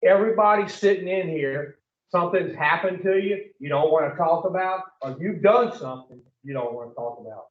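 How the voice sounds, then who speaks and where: A man's voice: fairly high pitch, brisk, echoey room, recorded from a distance, dull audio. A man giving a blunt, profane recovery talk to a group, telling his story and putting questions to the room. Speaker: recovery speaker.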